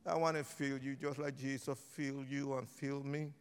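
A man preaching an impassioned sermon and altar call in a large church, swinging from shouts to hushed pleas. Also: medium pitch, little pitch movement, normal speed, clean tone. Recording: long reverb of a large hall.

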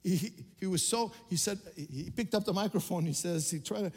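Older preacher in a reverberant hall. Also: male voice, high voice, brisk, darkish tone, slightly rough. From Quebec. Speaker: pastor. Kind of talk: sermon.

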